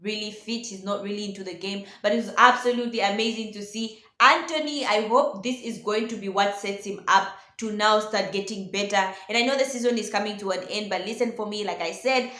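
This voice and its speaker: A woman hosting a casual football reaction vlog, talking excitably and addressing her viewers as ladies and gentlemen. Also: medium pitch, a little fast, few pauses. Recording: echoey room.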